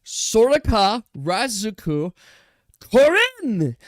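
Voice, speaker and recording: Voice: mid-range voice, lively intonation, no room sound, clean studio sound, close to an everyday voice. The game master voicing a woman spellcaster who chants incantations, intent and eager. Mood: chanting. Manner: slow, louder chanted incantations. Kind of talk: tabletop game role-play.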